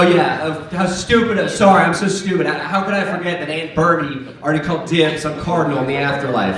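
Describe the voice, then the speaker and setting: A young man doing a stand-up comedy set on a club stage, sardonic and animated, jumping into voices. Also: fairly high pitch, distant mic, very noisy. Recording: echoey club with crowd laughter. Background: crowd laughter.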